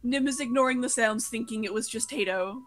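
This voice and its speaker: A woman playing in a tabletop game, giggly and excitable. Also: a little high, fairly quick. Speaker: player. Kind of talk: casual tabletop game play.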